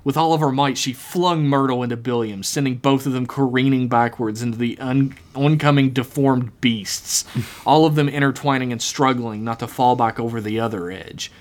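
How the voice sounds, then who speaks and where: A man's voice: mid-range voice, moderate pace. Man reading a horror story aloud. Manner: dramatic reading, laughs at his own jokes. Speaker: podcast co-host.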